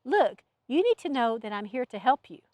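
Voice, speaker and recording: This is an earnest young woman, an angel in training, with a Southern accent and a pleading, apologetic way of talking, as a woman storyteller puts her on. Her voice sits high and swings widely through each line. It is a close, dry recording. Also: sing-song, moderate pace, a little mellow, dry recording.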